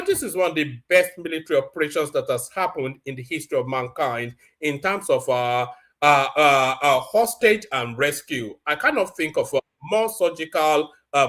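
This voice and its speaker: A man's voice: a little high, a bit bright. A man hosting live political commentary, reading headlines aloud and giving his blunt opinion. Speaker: host.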